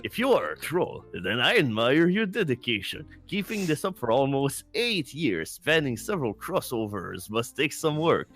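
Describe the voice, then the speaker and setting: A man's voice: on the high side, a bit bright. A man co-hosting a stream, reading a review aloud in a casual, incredulous way and laughing often. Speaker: stream co-host.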